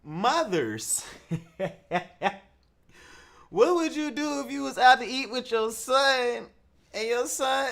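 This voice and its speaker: A man hosting a comedic commentary show, mocking and laughing often, in a slang-heavy voice that jumps around in pitch. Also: expressive, takes it slowly, vocal fry, pauses often, a bit bright.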